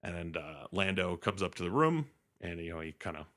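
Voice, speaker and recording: Male co-host, casual movie recap, animated and profane, low voice with forceful edge. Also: moderate pace. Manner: animated, swearing, acts out characters.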